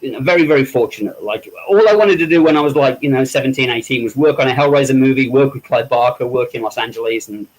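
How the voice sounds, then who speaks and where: A man's voice: mid-range voice, fast talker, few pauses, low-quality recording. Middle-aged guy, guest telling stories, does little voices for the people he quotes, laughs at himself. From England. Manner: storytelling, acts out quoted voices, self-deprecating laughs. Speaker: interview guest, makeup effects artist. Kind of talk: casual anecdotal interview.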